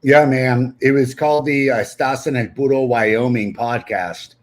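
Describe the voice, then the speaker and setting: A man co-hosting a podcast, telling stories with relaxed humor and slipping into quick voice impressions. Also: medium pitch. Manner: playful storyteller, mimics voices. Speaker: podcast co-host. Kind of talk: casual chat.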